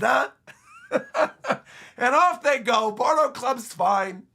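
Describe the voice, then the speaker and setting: A man streaming a comic reaction live, excitable and emphatic, who often repeats himself. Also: very high voice, very slow, gravelly.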